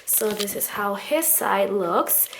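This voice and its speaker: A woman's voice: medium pitch, lively intonation, slow, fairly bright tone, slight background noise. A young adult woman chatting casually and upbeat in a home vlog as a student, full of "like" and "literally". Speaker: student vlogger. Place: at home, indoors.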